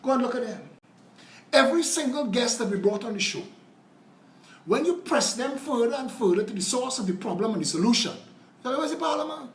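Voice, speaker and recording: A man's voice: very high-pitched, expressive, a little fast, roomy sound. A man with a Trinidadian accent hosting a live political show, ranting in a combative, profane and mocking way, telling stories to make his point.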